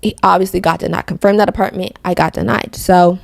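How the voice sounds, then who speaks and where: A young woman from Connecticut shares a faith testimony on her podcast in a loose, chatty way. Her voice sits low and carries a gravelly fry. The sound is dry and close. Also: fairly even intonation, brisk, dry recording. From Connecticut, USA. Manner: chatty storytelling with many fillers. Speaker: podcast host.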